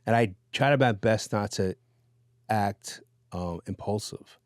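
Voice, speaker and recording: A man, a radio DJ guest, telling stories in a relaxed, casual interview chat with fillers and laughs. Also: fairly low pitch, a little slow, no room sound, studio quality.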